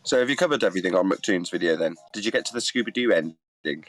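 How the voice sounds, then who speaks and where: Low-voiced man, blunt. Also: expressive, quick pace, fairly bright tone, dry recording, poor audio. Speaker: guest on a live stream. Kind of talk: casual chat. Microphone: iPad mic.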